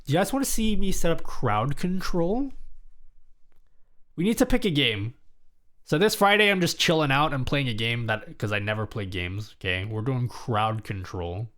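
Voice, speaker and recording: A man's voice: medium pitch, expressive, moderate pace, a bit bright. A young man live-streaming from home into a desk microphone, reading chat messages aloud and answering them in a casual, rambling way with frequent restarts. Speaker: livestreamer.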